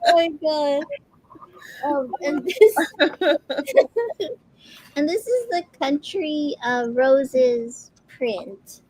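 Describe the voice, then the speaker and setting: A woman's voice: sits high, animated, very slow, pauses often, warm tone, low-quality recording. A woman chatting casually on a live-stream sale, often breaking into giggles as she shows her items on webcam.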